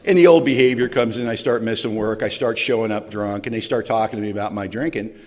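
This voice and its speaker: A man's voice: on the low side, quick pace. A man in his forties telling his own recovery story to an audience, with a self-deprecating, humorous way of talking. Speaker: recovery meeting speaker. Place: large event hall. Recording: long reverb of a large hall.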